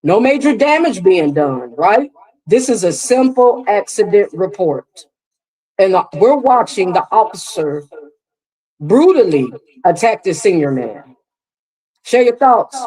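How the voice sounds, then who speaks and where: A woman's voice: medium pitch, very animated, measured pace, mellow, husky, poor audio. Emphatic woman hosting live commentary. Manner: emphatic, repetitive, addresses viewers directly. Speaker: commentary host.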